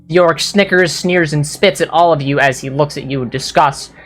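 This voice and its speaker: A woman's voice: sits low, normal speed, soft background music. A woman narrating a tabletop role-playing game as game master, describing scenes in detail with brief apologetic asides.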